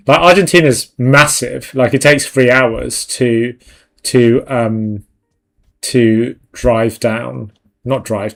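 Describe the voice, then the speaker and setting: Young adult male streamer, casual rambling chat, frequent laughter, medium pitch. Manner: chatty and rambling, laughs often. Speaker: livestream host chatting with viewers.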